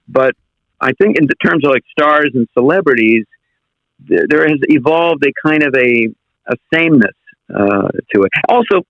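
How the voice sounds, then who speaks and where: A man's voice: mid-range voice, no echo. Reflective American man, slightly dull audio. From United States. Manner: reflective, circling back to rephrase his points. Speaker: guest impressionist. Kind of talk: casual conversational interview.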